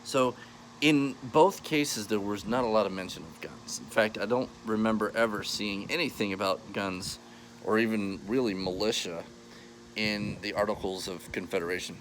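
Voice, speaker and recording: Brief: low-pitched American male host, conversational lecture, rambling and self-correcting, light hiss behind. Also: normal speed, fairly bright tone. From United States. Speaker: history channel host. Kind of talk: casual explainer monologue.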